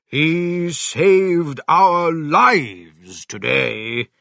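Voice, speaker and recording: A man voicing a cautious, doubtful male badger in a storybook reading, speaking slowly and hesitantly. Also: on the high side, lively intonation, gravelly, bright, forceful tone, dry recording, studio quality, pitched above the performer's own voice, heavily acted. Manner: hesitant, slow.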